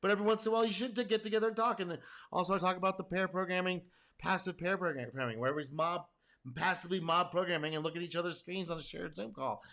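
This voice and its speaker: A man with a high voice talks fast through a reaction commentary. He rambles and restarts his sentences, stresses his points hard and swears casually, like a teacher venting about work habits. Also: steady tone, a bit bright. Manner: rambling, emphatic, casually profane. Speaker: host and programming course teacher.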